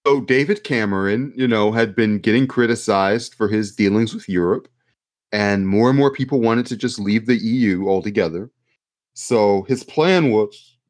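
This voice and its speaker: A man's voice: medium pitch, normal speed. A man co-hosting a podcast, chatting casually and sarcastically about politics, swearing freely. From United States. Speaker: podcast co-host.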